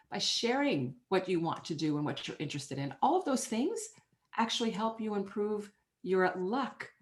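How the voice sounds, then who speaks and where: A middle-aged woman answering interview questions as a guest author, telling stories in an emphatic, energetic way. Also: mid-range voice.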